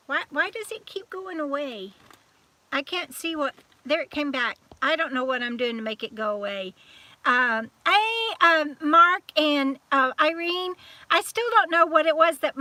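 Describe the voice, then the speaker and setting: A woman's voice: sits high, pushed and bright. A woman with a Southern US accent hosting a live-stream chat, talking in a chatty, scattered way as she greets viewers one by one. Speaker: YouTube channel host.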